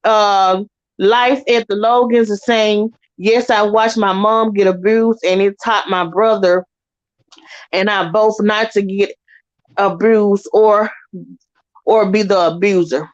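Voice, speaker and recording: A woman co-hosting a casual chat, relaxed and hesitant, reading out viewer comments. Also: mid-range voice, takes it slowly. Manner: relaxed, hesitant, many "you know" fillers. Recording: muffled lo-fi audio.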